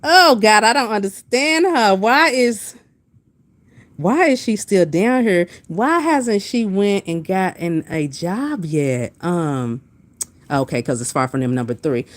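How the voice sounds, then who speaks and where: A woman's voice: medium pitch, slow pace. A woman hosting a casual commentary stream, blunt and profane, reacting to viewers' comments as she talks. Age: adult with a master's degree. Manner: blunt, profane, animated, reads chat comments aloud. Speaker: commentary channel host.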